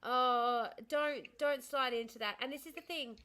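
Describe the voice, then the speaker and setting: A woman's voice: high voice, a little slow, pushed and bright, low-quality recording. Rambling chatty woman. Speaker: livestream host. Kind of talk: casual chat.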